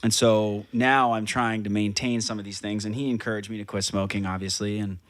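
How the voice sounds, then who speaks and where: A man's voice: fairly low pitch, little pitch movement, fairly quick, no echo, studio quality. A man guesting on a podcast as a musician, talking in an easygoing, loose way. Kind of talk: casual chat.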